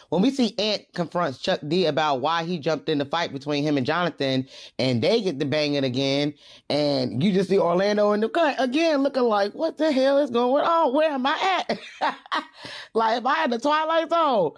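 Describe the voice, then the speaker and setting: A woman recapping a reality show episode in a casual, slangy, animated vlog with frequent laughs. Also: on the low side. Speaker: reality TV reviewer.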